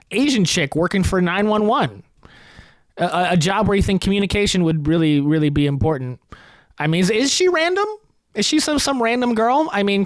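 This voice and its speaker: A man's voice: high voice, no room sound. A man hosting a comedy podcast, rambling through a profane topical rant and laughing at his own jokes.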